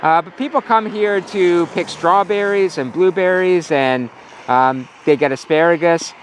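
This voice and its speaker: A man's voice: high voice, unhurried, slight background noise. A male pastor giving a casual sermon outdoors at a farm, telling a story with some fillers.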